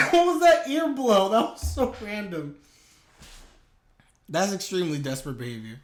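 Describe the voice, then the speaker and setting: A man's voice: high-pitched, lively intonation, slow, pauses often, sharp tone. A young man doing live anime reaction commentary, reacting aloud in bursts with slang, laughter and teasing.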